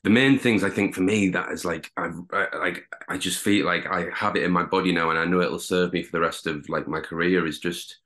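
A man's voice: deep voice, steady tone, brisk, hardly any pauses, fairly bright tone. A young man from Durham with a northern English accent, chatting as an interview guest in a rambling way with lots of fillers and restarts. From Durham, England. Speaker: guest actor. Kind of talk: casual interview.

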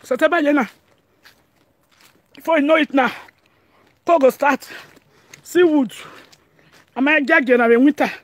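A woman's voice: high-pitched, measured pace, pauses often, dry recording. A woman with a Nigerian accent chatting casually to her vlog audience, laughing often and speaking pidgin English. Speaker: vlogger. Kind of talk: casual home vlog chat.

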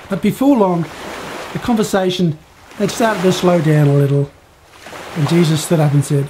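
A man telling a Bible story for a children's church, reading in an expressive way. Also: a little high, normal speed, long pauses, slight background noise, poor audio.

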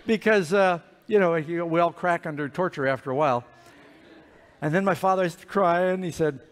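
A man telling an animated, playful story sermon to children in a large church hall. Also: fairly high pitch, normal speed. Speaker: preacher. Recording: reverberant hall.

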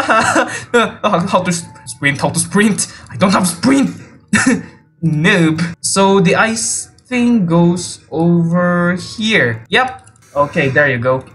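Excitable high-voiced male gamer. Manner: excitable, jumpy, often yelps and laughs, teases other players. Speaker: video game player. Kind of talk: let's play gameplay commentary.

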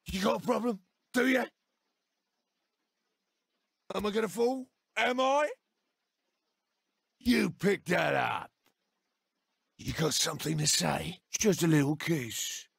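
A swaggering British gang-boss president from a video game, crude and mocking, with a high, gravelly voice that swoops all over. His tone is husky and bright, recorded dry and close. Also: no echo, heavily acted. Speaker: player character taunting.

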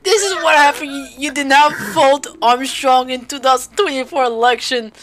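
A woman's voice: sits high, steady tone, normal speed, crowd noise. A woman hosting a casual gaming session with a friend, shrieking, panicking and laughing often as the game chases her. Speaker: gaming channel host.

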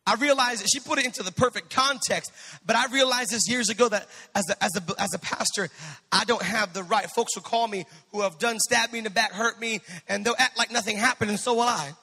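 Male pastor, high bright voice, fervent sermon delivery, long church reverb. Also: fairly quick, slightly rough. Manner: preaching with rising fervor, swinging from soft to shouted.

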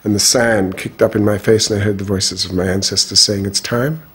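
An older man from Australia, recounting his life in an interview in a measured, frank way. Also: fairly low pitch, level tone, fairly bright tone, husky. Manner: measured, frank, strong views. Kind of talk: reflective personal storytelling.

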